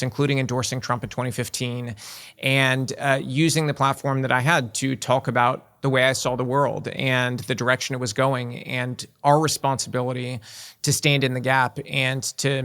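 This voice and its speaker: A man's voice: medium pitch, vocal fry, a bit bright. A man in his forties, a guest in an interview, talking earnestly with frequent "right?" and "you know" asides. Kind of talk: casual interview talk.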